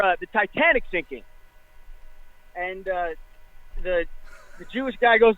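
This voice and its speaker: A man's voice: high voice, moderate pace, pauses often, no room sound. A man calling in on the phone, telling a long joke in a rambling, eager way with many restarts. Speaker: caller. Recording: tinny phone line.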